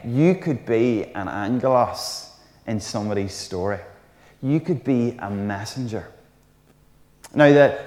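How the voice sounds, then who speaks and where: Preacher in an echoey hall. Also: male voice, medium pitch. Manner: lively, chatty preaching with jokey asides. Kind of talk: sermon. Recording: roomy hall reverb.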